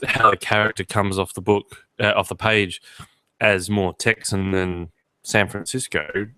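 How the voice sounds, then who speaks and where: A man's voice: on the low side, flat delivery, a little slow, pushed and bright, smooth, no room sound. A man hosting a podcast who asks long, searching questions with plenty of fillers. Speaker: podcast host. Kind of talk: casual interview questions.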